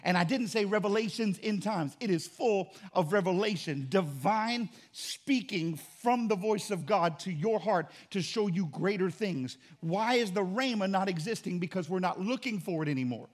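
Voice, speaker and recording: High-voiced preaching pastor, emphatic. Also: male voice, animated, normal speed, hardly any pauses. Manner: emphatic, swings from loud to quiet; repetitive preaching cadence. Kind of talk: sermon. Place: church.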